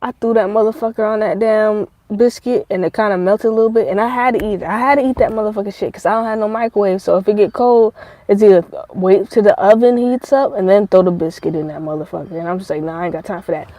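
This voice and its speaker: A woman's voice: mid-range voice, fast, no echo, rough recording. A woman vlogger telling rambling, profane stories in a casual monologue. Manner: profane, rambling, animated storytelling.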